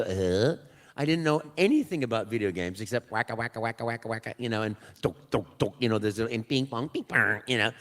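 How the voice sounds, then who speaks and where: A man's voice: mid-range voice, quick pace. An older man, a voice actor guest, telling a story at a live convention panel, acting out the dialogue and sound effects as he goes. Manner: animated, acts out dialogue and sounds.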